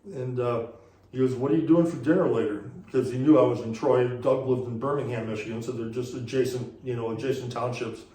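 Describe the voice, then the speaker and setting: A man with a mellow, darker voice tells a story from his racing career, rambling and looping back with repeated "he goes". He sounds set back from the mic in a roomy space with some echo. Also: mid-range voice, steady tone, a little fast, recorded from a distance. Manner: rambling, repeats "he goes" while retelling conversations. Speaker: interview guest, former racing series director. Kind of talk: casual storytelling.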